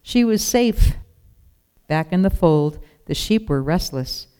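Smooth-voiced storybook narrator. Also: mid-range voice, lively intonation, slow, dark tone. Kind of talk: storybook reading.

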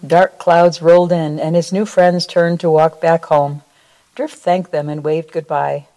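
A woman reading a children's story aloud at a church service in a slow, expressive way, ending with a short prayer. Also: deep voice.

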